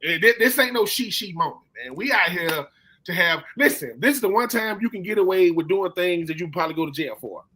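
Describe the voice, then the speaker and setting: A man hosting a casual sports chat, telling animated stories and acting out quotes in slangy talk. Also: sits high, a little fast, a little hiss or hum. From Philadelphia. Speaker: podcast host.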